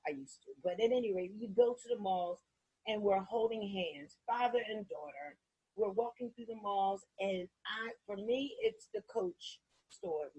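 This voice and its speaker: A woman hosting a candid podcast conversation, animated and often laughing. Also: medium pitch, breathy edge, dry recording, low-quality recording. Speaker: interview host.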